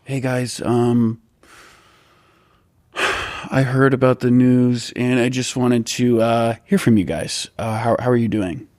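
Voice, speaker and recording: A man improvising an awkward, hesitant school guidance counselor who speaks gently. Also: medium pitch, steady tone, slow, long pauses, dry recording, natural voice. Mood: concerned.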